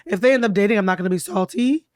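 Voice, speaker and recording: A hoarse woman hosts a casual studio chat, telling stories with expressive energy. Her voice sits at a middling pitch and the room sounds dry and close. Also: racing, no echo. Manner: chatty and expressive, storytelling. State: hoarse from laryngitis. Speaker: podcast host. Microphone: studio mic.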